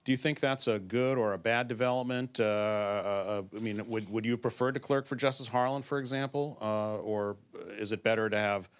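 A man's voice: fairly low pitch, steady tone, fairly quick, hardly any pauses, clear, resonant tone. A man in the audience asking a long, hesitant question with many fillers.

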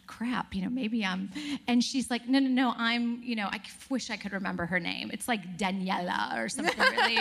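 A woman speaking on a stage before a live audience, telling animated stories and laughing as she talks to the crowd. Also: medium pitch, gravelly.

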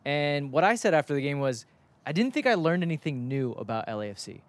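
A young man hosting a casual soccer talk show, telling stories quickly and acting out what others said. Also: on the high side. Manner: animated, quick storytelling with acted-out quotes. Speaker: soccer podcast host. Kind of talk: casual sports chat.

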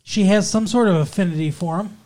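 A man's voice: high voice, a little fast, dark tone. A young man co-hosting a casual show, joking and swearing freely as he chats. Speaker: podcast co-host. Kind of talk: casual chat.

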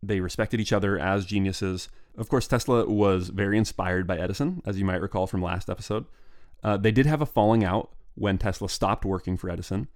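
A man's voice: sits low, steady tone, brisk, a little mellow. A man hosting a solo history podcast, talking casually and musing aloud with restarts and asides.

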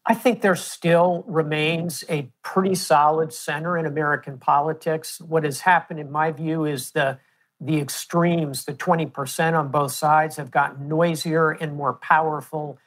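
A man as an interview guest, explaining history in a measured, storytelling way. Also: on the high side, steady tone. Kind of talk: interview answer.

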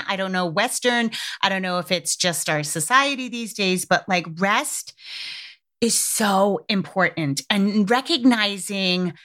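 A woman in her forties talks through parenting questions in a relaxed, candid way. Her voice sits at an ordinary middle pitch, and she laughs easily between points. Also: a little slow. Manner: conversational, candid, laughs often. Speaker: parenting podcast host. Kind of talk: casual advice talk.

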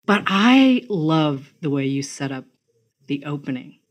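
A woman's voice: low-pitched, very animated. Chatty woman podcast host. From Massachusetts. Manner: chatty, enthusiastic, quick asides. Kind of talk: casual interview chat.

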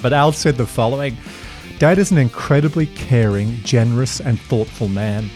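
Animated male podcast host. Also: medium pitch, normal speed. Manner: animated storyteller, mimics voices when retelling. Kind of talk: casual podcast conversation. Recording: dry close mic, faint guitar music.

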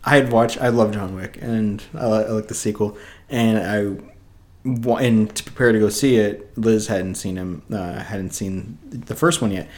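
A man's voice: fairly low pitch, normal speed, darkish tone. Laid-back podcast co-host man. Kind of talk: casual chat.

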